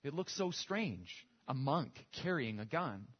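A man's voice: mid-range voice, very animated, unhurried, breathy edge. A man preaching a sermon and telling a story, with small restarts and repetitions. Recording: dull lo-fi recording.

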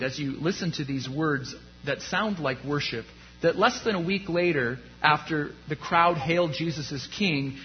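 A man preaching a sermon as a pastor, his delivery rising to emphasis and dropping low. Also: muffled recording.

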